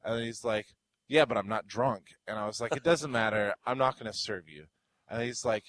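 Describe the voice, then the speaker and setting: A young man co-hosting a podcast, telling a story in casual chat and acting out the quotes with loud, rising outbursts. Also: fairly low pitch, moderate pace, dry recording, rough recording. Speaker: podcast co-host.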